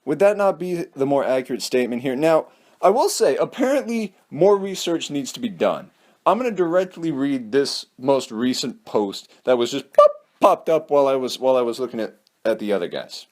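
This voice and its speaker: A man's voice: medium pitch, sing-song, moderate pace, darkish tone. A young man giving casual, heated commentary in a sarcastic, ranting manner. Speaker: vlogger.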